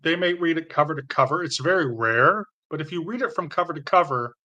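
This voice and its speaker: A man's voice: a little high, expressive, fairly quick, pushed and bright, muffled recording. A man with a Canadian accent, hosting a live stream and explaining a topic in a rambling, unscripted way with many fillers and restarts.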